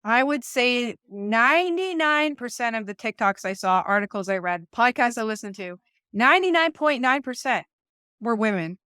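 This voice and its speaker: A woman's voice: on the high side, animated, moderate pace, pushed and bright, smooth, no echo, studio quality. A woman in her forties co-hosting a conversational faith podcast, talking things through with lots of asides and restarts. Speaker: podcast co-host. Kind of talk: casual conversational podcast chat.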